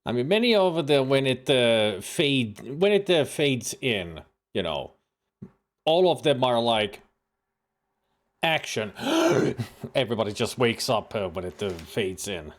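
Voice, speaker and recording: A man's voice: mid-range voice, very animated, a little slow. A man casually talking over a detective game on a live stream. He rambles through his thoughts, piling up fillers and restarts. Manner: rambling, filler-heavy, hums tunes.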